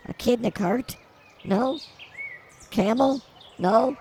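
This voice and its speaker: A woman's voice: fairly high pitch, takes it slowly, a little mellow, slight background noise. A woman co-hosting an improvised comedy podcast outdoors at a zoo, rambling in silly, mock-defiant banter. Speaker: podcast co-host.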